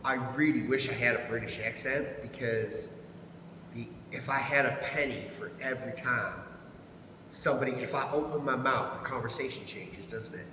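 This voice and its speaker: Man, American accent, fifties, podcast guest, animated, profane, bright voice, roomy echo. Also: medium pitch, moderate pace, slight background noise. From United States. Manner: animated, profane, laughs often. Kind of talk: casual storytelling. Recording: echoey room.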